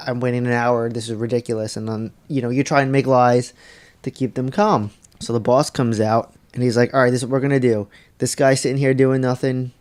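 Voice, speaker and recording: A man's voice: medium pitch, smooth. A man co-hosting a casual podcast, telling a story with lots of swearing and acted-out dialogue. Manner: animated storyteller, swears freely. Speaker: podcast co-host. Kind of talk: casual chat.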